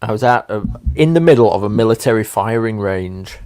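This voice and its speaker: A man's voice: fairly low pitch, animated, brisk, darkish tone, clear, resonant tone. A man hosting a stream in casual chat, laid-back and teasing, mostly giving short replies. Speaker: stream host.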